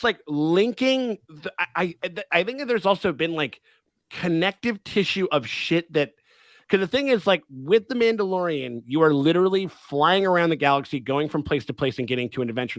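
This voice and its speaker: A man's voice: a little high, animated, normal speed, no echo, studio quality. A man hosting a casual livestream chat about a TV show, rambling, laughing often and swearing freely. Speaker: podcast host.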